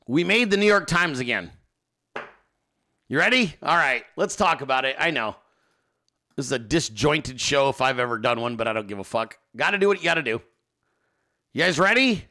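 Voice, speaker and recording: A man's voice: fairly high pitch, expressive, normal speed, long pauses, sharp tone. A man hosting a casual livestream, reading viewer emails aloud and ranting with heavy profanity. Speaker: host.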